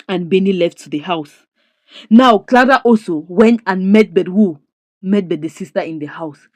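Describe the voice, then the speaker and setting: A woman who recaps a drama series in an expressive, indignant way, full of rhetorical questions. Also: mid-range voice, normal speed, no echo. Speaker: series reviewer. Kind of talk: animated story recap.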